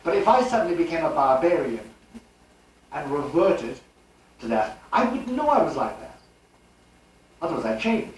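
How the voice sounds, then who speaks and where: Older male lecturer, animated and rhetorical; distant room mic, heavy echo, faint hiss. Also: a little high, moderate pace, long pauses. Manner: animated, rhetorical, chuckling asides. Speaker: speaker. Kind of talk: live religious lecture. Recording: old live tape, distant and echoey.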